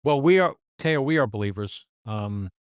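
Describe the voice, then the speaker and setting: A man's voice: mid-range voice, expressive, normal speed, smooth, dry recording, studio quality. Earnest man host, preacherly cadence. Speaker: podcast host. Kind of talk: earnest faith-based reassurance.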